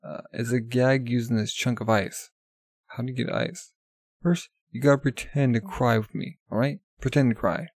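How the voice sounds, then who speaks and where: A man's voice: mid-range voice, steady tone, normal speed, no echo. A man reading comic-book dialogue aloud in a casual way, voicing the characters in his own plain voice and often stumbling and restarting. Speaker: manga reader.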